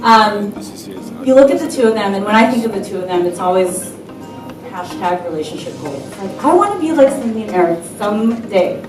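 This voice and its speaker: A woman's voice: medium pitch, animated, fairly quick. Woman, party toast, chatty, laughing, far-off echoey room, music behind. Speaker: anniversary speaker. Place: party hall. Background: music and guests.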